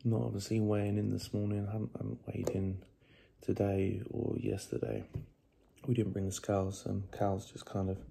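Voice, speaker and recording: A young man talks through his day in a loose, rambling vlog, worn out from a sleepless night and swearing casually. His voice sits low with a gravelly edge, and steady noise runs behind him. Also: normal speed. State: tired, sleepless. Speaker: bodybuilder vlogger.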